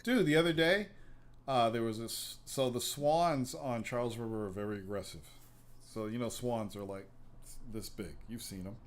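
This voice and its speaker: A man at a mid pitch hosts a casual podcast, spinning long stories full of swearing. His talk rambles and doubles back on itself as he goes. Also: moderate pace. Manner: profane, rambling storyteller. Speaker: podcast host. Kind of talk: casual chat.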